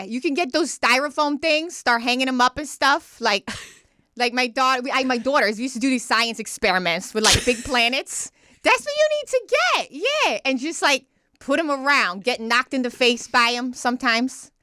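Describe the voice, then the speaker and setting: A woman doing an impression of a bubbly, bossy reality-star mother from New Jersey, with a little rasp when her voice goes up and lots of "like" fillers. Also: sits high, lively intonation, normal speed, pushed and bright, no echo, clean studio sound. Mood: gushing. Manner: gushing, bossy pep talk with "like" fillers.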